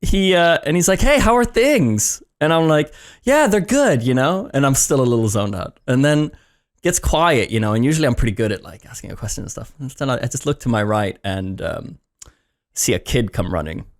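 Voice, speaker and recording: A man's voice: medium pitch, expressive, brisk. A man on a casual podcast telling an embarrassing story, acting out the quoted lines and laughing often. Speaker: podcast co-host.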